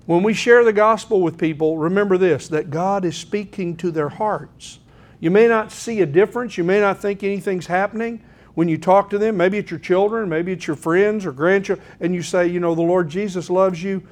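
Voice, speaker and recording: A middle-aged man preaching a sermon in an earnest, folksy way, often clearing his throat. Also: high-pitched, moderate pace. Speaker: pastor.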